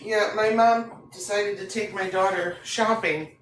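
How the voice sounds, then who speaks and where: A woman in casual chat, blunt and quick to laugh, swearing casually. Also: medium pitch, steady tone, faint music behind.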